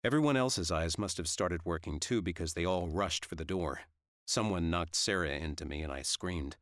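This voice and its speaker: A man narrating a first-person story in a steady, even way. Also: low-pitched, moderate pace, dry recording, studio quality. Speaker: audiobook narrator.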